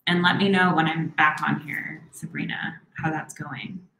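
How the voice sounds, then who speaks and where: A woman therapist with a somewhat low voice, answering viewer questions live and reassuring each one. She tends to rush, then catches herself and slows down. The room rings with echo under a faint hum of background noise. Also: fairly even intonation, gravelly. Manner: warm, encouraging, talks fast and slows herself down. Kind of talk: live Q&A stream.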